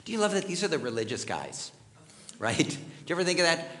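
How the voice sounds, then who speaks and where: A middle-aged pastor preaches conversationally, telling personal stories and asking his listeners questions. His fairly high, slightly bright voice is very animated and moves at a quick pace.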